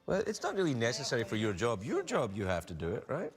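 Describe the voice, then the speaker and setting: A man's voice: medium pitch, huge pitch swings, fast, soft background music. A man with a Scottish accent hosting a talk show, playful and teasing, often restarting his sentences. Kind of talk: casual chat. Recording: reverberant studio hall.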